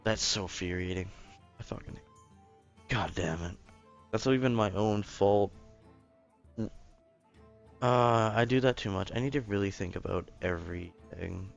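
A man's voice: fairly low pitch, measured pace, vocal fry, pauses often, muffled recording, faint music behind. A young man commentating his own card game, angry at himself, swearing and grumbling about a loss. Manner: angry, swearing, self-blaming. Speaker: gaming video host. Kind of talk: frustrated gameplay commentary.

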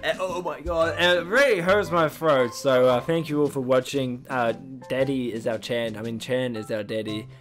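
A young man hosting a comedic reaction video, excitable and joking, often exclaiming and laughing. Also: medium pitch, normal speed, few pauses, faint music behind. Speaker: youtube reaction host.

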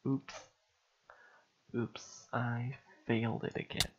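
A man's voice: medium pitch, level tone, takes it slowly, highs cut off, very noisy. A man giving casual gameplay commentary, frustrated and sighing, mocking himself as he mutters along. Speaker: gamer.

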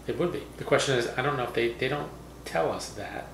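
A man co-hosting a casual whiskey review, joking around and slowly reading out product notes. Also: medium pitch, lively intonation, gravelly, a bit bright. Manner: jokey, halting, reads aloud slowly. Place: home room. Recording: roomy echo, faint background noise.

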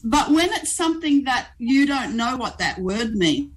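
A woman, a guest pastor telling stories in a conversational faith interview, animated and chatty. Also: high-pitched, measured pace, poor audio. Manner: animated storyteller, frequent "um" and "you know".

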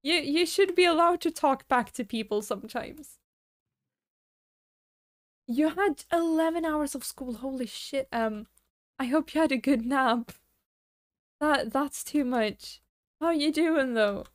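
A woman's voice: high voice, measured pace, long pauses, no room sound, studio quality. A woman streamer in casual live-stream chat, chatty and giggly, laughing often as she rambles and answers her viewers.

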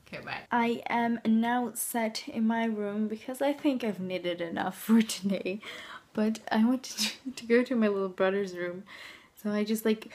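A woman's voice: medium pitch, a little mellow. A young Dutch woman talks to her handheld camera from her bedroom, with a Dutch accent in her English. She rambles from one thing to the next, filling the gaps with ums and little laughs. It sounds like easygoing, unscripted vlog chat. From Netherlands. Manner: rambling and chatty, laughs often, many fillers. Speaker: vlogger.

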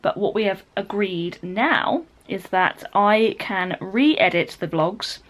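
Her mid-range voice is expressive and slow as she records a casual home vlog. She's a British woman in her twenties, giggling and rambling to the camera from her living room.

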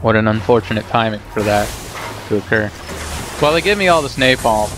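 A man's voice: lowish voice, animated, brisk, noisy background. A man casually commenting on his own gameplay, rambling and self-deprecating as he talks to himself. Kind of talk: casual let's play commentary.

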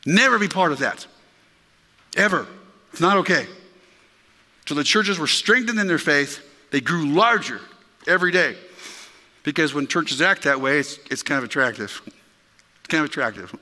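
A man's voice: fairly high pitch, animated, moderate pace, pauses often, bright, forceful tone, in a large hall. A male pastor preaching a sermon in an emphatic, conversational way, talking directly to his congregation. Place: church sanctuary.

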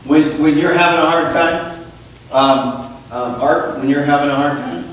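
A man's voice: a little high, steady tone, a little hiss or hum. Man preaching in an echoey sanctuary. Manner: emphatic preaching with call-and-response to the congregation; swings from quiet storytelling to loud, drawn-out emphasis. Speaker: pastor. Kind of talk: sermon. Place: church sanctuary. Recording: echoey church sanctuary, mic at a distance.

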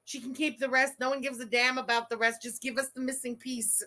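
Thanking viewers in between her outbursts, a woman streaming a live reaction swears freely and bursts into laughter and indignant rants. She's excitable and talks fairly quickly, in a high, bright voice with a tense edge.

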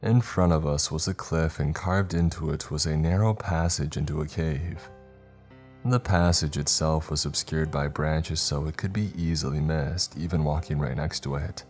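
A man narrating a first-person horror story in a steady, measured way. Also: a bass voice.

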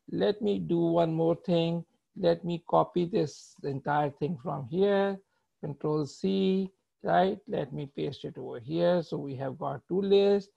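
A man's voice: fairly high pitch, vocal fry, dark tone. A man giving a live coding lecture, explaining patiently as he types and tagging many phrases with "right?". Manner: talks while typing code, ends phrases with "right?"; explains patiently and checks in with students. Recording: muffled lo-fi audio.

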